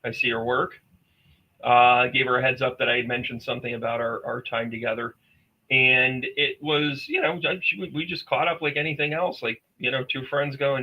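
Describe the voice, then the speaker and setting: A man's voice: medium pitch, steady tone, moderate pace, highs cut off. A man hosting a psychic medium livestream, talking to viewers in a rambling, chatty way with jokey asides. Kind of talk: casual livestream chat.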